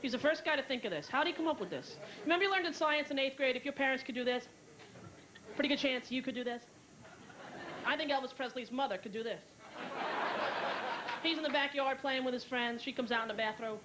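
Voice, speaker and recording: A woman's voice: sits high, brisk, pauses often, background noise. A woman doing stand-up comedy on a theater stage, telling stories in a brash way and putting on voices for the people in them. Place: theater stage before a live audience. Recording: 1990s televised special with clear room ambience.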